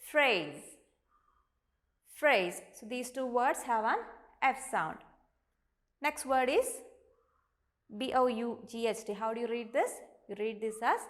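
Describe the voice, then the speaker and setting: A woman teacher with an Indian English accent, giving an online lesson and sounding out each word slowly and deliberately. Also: on the high side. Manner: slow, deliberate, models each word aloud.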